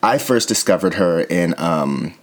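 A man's voice: low-pitched, animated, a little slow. A man co-hosting a comedy podcast, answering with dry, understated one-liners. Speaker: podcast co-host. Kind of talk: deadpan comedic banter.

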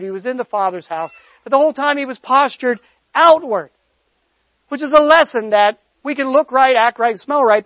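A man's voice: high voice, dry recording, lo-fi sound. A man preaching a sermon, telling a personal story in a conversational way and pressing points with emphatic rising stresses.

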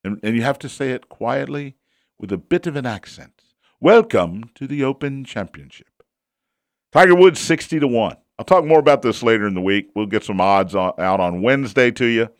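A man's voice: mid-range voice, lively intonation, brisk, no room sound, clean studio sound. A man hosting a casual sports talk show, chatty and opinionated, who asks himself questions and answers them.

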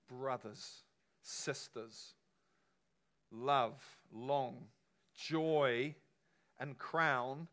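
A man with a slightly high, fairly bright voice delivers a sermon at a moderate pace. He addresses the congregation in a chatty, forceful manner, frequently asking them questions.

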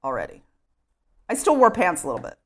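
A woman's voice: fairly low pitch, huge pitch swings, fairly quick, a bit bright. A woman from Texas, chatting as a guest about her own life at home and filling her talk with "like". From Sherman, Texas, US. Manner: chatty, with many "like" fillers. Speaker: interview guest. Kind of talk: casual storytelling interview.

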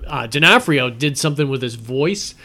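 A man's voice: medium pitch, lively intonation, normal speed, pushed and bright. A man in casual podcast chat, retelling film scenes in a rambling way with many fillers and laughs.

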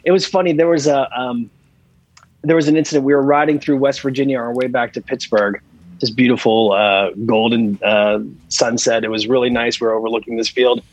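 A man guesting on a podcast, telling stories in a lively, rambling way full of fillers. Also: medium pitch, brisk, muffled recording. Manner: animated storyteller with many fillers. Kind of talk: casual podcast interview.

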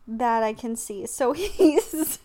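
A woman's voice: fairly high pitch, animated, slow pace, over a noisy crowd. Laughing, swearing woman in casual chat. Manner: profane, laughing, exclaiming.

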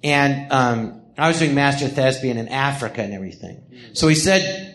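A man's voice: medium pitch, moderate pace, a bit bright, slight background noise. An older man hosting a live podcast, telling rambling memoir anecdotes with restarts and acted-out quotes. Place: podcast theatre before a live audience.

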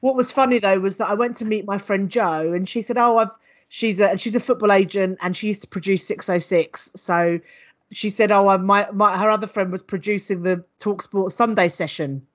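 A woman's voice: mid-range voice, moderate pace. Chatty woman on a dull call. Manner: chatty, animated storytelling. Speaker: podcast co-host. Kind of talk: casual chat. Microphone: home mic on a video call.

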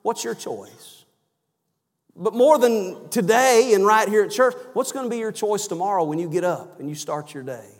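Man, high-pitched Baptist-style preacher, emphatic and dynamic, in a reverberant sanctuary. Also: lively intonation, normal speed. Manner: rising to loud emphatic cries, then dropping low and soft. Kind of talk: sermon. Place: church sanctuary. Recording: long church reverb.

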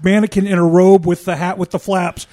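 A man in casual podcast chat who makes low-key, deadpan remarks. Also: a little fast, no room sound, studio quality.

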